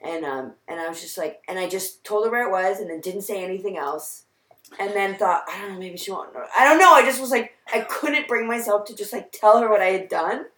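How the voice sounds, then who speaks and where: A woman's voice: medium pitch, animated, brisk, fairly bright tone, echoey room, low-quality recording. A young woman in her twenties telling a long, rambling story in casual chat, full of "like"s and laughing at herself.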